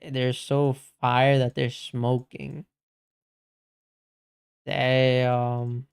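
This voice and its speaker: A man's voice: mid-range voice, monotone, extremely slow, gravelly, clear, resonant tone. A young man streaming games, chatting casually with his chat and reading messages aloud, laid-back and saying "bro" a lot. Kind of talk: casual live-stream chat while gaming.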